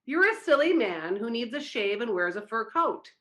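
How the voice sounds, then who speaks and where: A woman speaks on the high side with big swings in pitch, a fairly bright tone and a normal pace, pitching above her own natural voice. She is playing an angry male general manager who is scolding someone.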